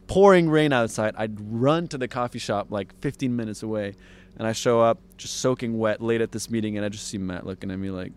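A young man from France, a podcast guest telling stories in a loose, lively way and acting out what people said. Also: fairly low pitch, brisk, smooth. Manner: animated storyteller, acts out quoted voices. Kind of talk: casual storytelling.

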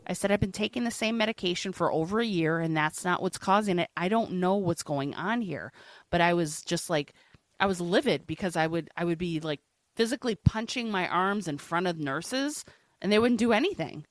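Earnest woman with a low voice. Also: expressive, dry recording. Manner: halting, earnest, frequent restarts. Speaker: interview guest. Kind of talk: candid personal interview.

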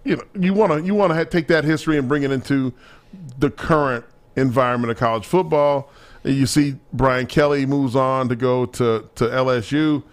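A man's voice: medium pitch, moderate pace. Man, sports talk co-host, casual chat, easy banter. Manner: animated, laughing banter.

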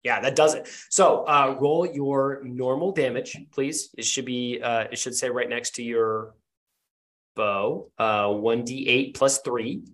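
A man's voice: medium pitch, fairly even intonation, takes it slowly, fairly bright tone. A man narrating as game master in a casual, rambling way with many fillers.

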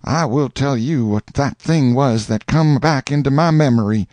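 A man voicing a grieving man testifying in court, with measured, folksy delivery in an audiobook reading. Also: medium pitch, darkish tone, no room sound, voice pushed down, natural voice. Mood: solemn.

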